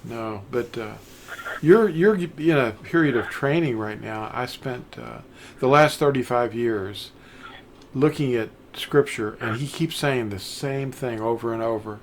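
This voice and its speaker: A man's voice: mid-range voice, unhurried, a little hiss or hum. An older man talking casually on a phone call, rambling and mocking the people he describes in put-on voices.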